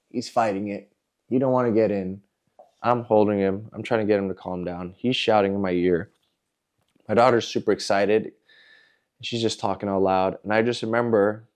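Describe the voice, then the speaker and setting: A man hosting a podcast, telling a personal story in a candid, introspective way, in short halting phrases. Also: fairly low pitch, darkish tone. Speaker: podcast host.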